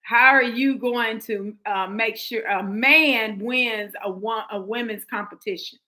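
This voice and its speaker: A woman's voice: a little high, a little slow, sharp tone, low-quality recording. An American woman hosting a livestream commentary, talking emphatically to her viewers with frequent restarts. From United States. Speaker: livestream host.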